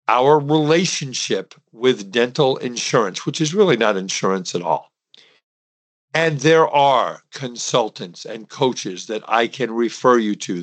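Emphatic man preaching to his podcast listeners. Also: mid-range voice. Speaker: podcast host and dental CPA. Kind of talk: podcast monologue.

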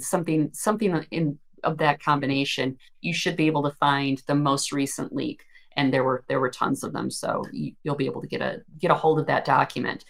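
A woman co-hosting a podcast, explaining things thoughtfully at length, often restarting her sentences. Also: deep voice. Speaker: podcast co-host. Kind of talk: casual discussion of search marketing news.

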